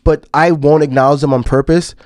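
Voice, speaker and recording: Man, fairly high voice, casual podcast chat, frequent laughter, dry close sound. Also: fairly even intonation, fairly quick, a little mellow, no room sound. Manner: laughs often, loose and joking, says "dog" and "man". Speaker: podcast co-host.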